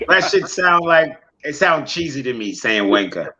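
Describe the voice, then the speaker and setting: A man's voice: on the high side, big pitch swings, normal speed, a loud crowd. An American man from the northern US, talking football on a casual panel in a blunt, profane, repetitive way. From northern United States. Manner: blunt and profane, repeats himself.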